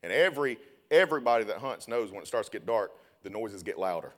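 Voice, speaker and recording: A young man preaching a sermon, telling a story and then building to loud, shouted preaching. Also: on the low side, expressive, fast talker.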